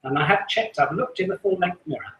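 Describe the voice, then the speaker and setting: A man's voice: high-pitched, expressive, fairly quick, fairly bright tone, slight background noise. A man with an English accent doing self-deprecating stand-up comedy at an open mic, chuckling at his own jokes. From England. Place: small live venue. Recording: echoey room.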